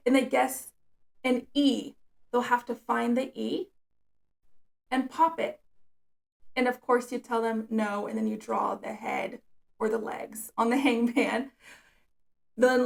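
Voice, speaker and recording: Gravelly-voiced woman teaching reading tips. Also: a little high. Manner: patient, explains step by step with examples. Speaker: special education teacher. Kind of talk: instructional video tutorial.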